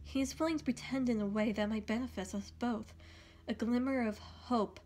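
A woman reading a first-person novel aloud at home in a steady, even voice. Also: a little high, moderate pace. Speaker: audiobook reader.

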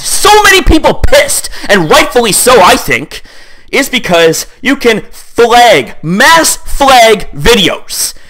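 Young male YouTuber, angry profane rant, high and animated, sharp tone, just off a workout. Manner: heated, profane, repeats "here's the thing". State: sweaty, just back from the gym.

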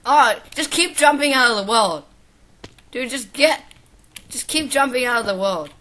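A woman's voice: on the high side, animated, normal speed, pushed and bright. A teenage girl giving casual commentary while playing a game, exclaiming and laughing often. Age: teens. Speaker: gameplay commentator. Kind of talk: casual gaming chat.

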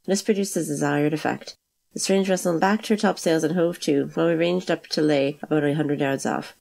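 Low-voiced woman reading a novel quickly. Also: steady tone, gravelly, a little mellow. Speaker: audiobook narrator. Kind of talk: reading a classic novel aloud.

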